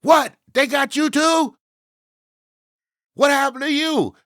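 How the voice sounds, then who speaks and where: A man's voice: slow, dry recording, studio quality, soft background music, full character voice. A man playing a cursing, furious army sergeant. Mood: angry, bewildered. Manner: shouting, swearing, high strained voice. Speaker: platoon sergeant in a told story.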